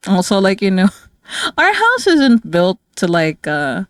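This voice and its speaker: A tired, low-energy woman from the Philippines chatting casually with her viewers as a streamer, rambling with many fillers and soft laughs. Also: huge pitch swings, slow pace, no room sound, studio quality. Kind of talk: casual livestream chat with viewers.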